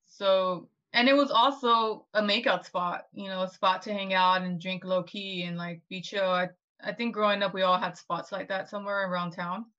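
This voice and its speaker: Woman co-host, bright edgy tone, chatty and rambling, dull lo-fi audio. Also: mid-range voice, fairly even intonation, normal speed, hardly any pauses. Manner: rambling, full of "like" and restarts. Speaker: podcast co-host. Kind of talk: casual history discussion.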